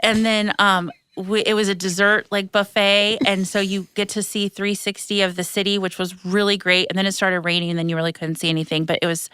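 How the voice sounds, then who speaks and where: A woman hosts a podcast in a relaxed, animated storytelling style, full of fillers and quick asides. Her voice is smooth and clear. The sound is dry and close. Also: mid-range voice, dry recording. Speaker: podcast host. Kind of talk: casual chat.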